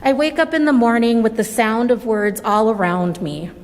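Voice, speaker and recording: A woman reading a children's story aloud at a church service, gentle and measured. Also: on the high side. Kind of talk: slow storybook read-aloud. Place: church sanctuary. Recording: long reverb of a large hall.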